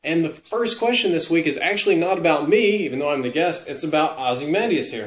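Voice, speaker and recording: A young man answering viewer questions in casual chat to camera. He is upbeat and breaks off now and then to talk softly to his dog. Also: fairly high pitch, a little fast, hardly any pauses. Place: room at home. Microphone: camera held by his wife. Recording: echoey room.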